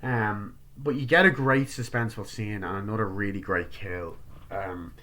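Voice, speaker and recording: Young guy ranting about a movie he loves, swears a lot, bright sharp voice. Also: lowish voice, steady tone, normal speed. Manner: rambling, profane, acts out scenes in quoted voices. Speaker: movie reviewer. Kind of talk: casual movie review.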